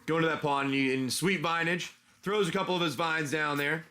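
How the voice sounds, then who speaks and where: A man's voice: a little high, fairly even intonation, a little fast, bright, forceful tone. A man running a casual tabletop-style adventure as game master, rambling with many restarts.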